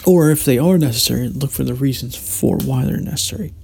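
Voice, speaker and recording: Male podcast host, deep fry in the voice, soft warm tone, musing solo talk full of restarts. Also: fairly quick. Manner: meandering, many restarts and hesitations. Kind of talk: reflective solo monologue.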